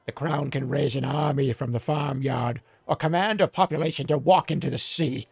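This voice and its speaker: A man's voice: medium pitch, gravelly, a little mellow, slightly rough, dry recording. Man putting on a theatrical old hill dweller. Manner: theatrical old-man fantasy voice, slow and drawn out. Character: weathered old male hill dweller, wry and talkative. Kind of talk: reading a game aloud with character voices.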